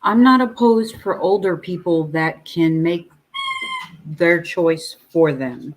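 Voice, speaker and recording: A woman's voice: on the low side, slow pace, rough recording. A woman in a casual livestream chat, asking questions in a hesitant way.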